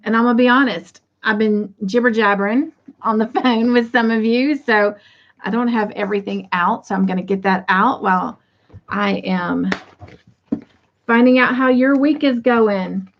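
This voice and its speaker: A woman's voice: a little high, moderate pace. Bubbly lady host rambling to her live chat, laughs a lot, kinda muffled lo-fi sound. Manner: chatty and bubbly, laughs often. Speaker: crochet livestream host. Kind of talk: casual chat to live viewers.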